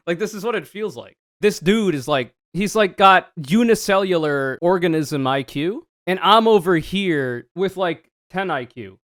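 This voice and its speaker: A sarcastic man reacting to a video on stream, his pitch leaping all over as he mocks and swears. His voice sits a little on the high side for a man, casual and quick to riff. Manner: sarcastic, animated, swears freely.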